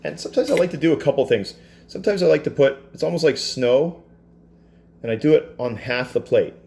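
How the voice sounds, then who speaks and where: Relaxed man giving a cooking demonstration. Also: a little high, fairly quick, creaky. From Canada. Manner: relaxed, chatty, self-deprecating asides. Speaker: culinary teacher. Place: school kitchen.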